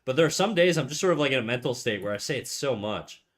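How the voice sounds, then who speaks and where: A man's voice: medium pitch, animated, fast. A young man from Canada chatting casually on a drawing stream, rambling and laid-back, and swearing freely. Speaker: art streamer. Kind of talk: casual chat while drawing.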